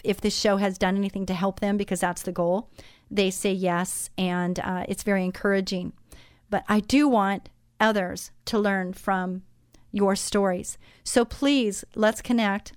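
Woman radio host chatting, smooth clear voice, dry studio sound, lots of ums. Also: mid-range voice, no room sound. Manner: conversational, many fillers. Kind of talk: Christian radio talk.

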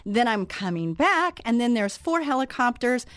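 A woman radio host telling a story in a lively, casual way, acting out the reactions she quotes, then moving into a devotional talk. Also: on the high side, moderate pace, no echo.

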